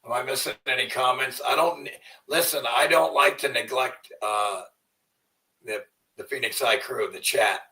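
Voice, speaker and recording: A man's voice: medium pitch, moderate pace, bright, forceful tone, recorded from a distance, low-quality recording. A man hosting a livestream in a rambling, profane way, often trailing off into mumbles. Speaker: livestream host. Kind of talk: casual livestream rant.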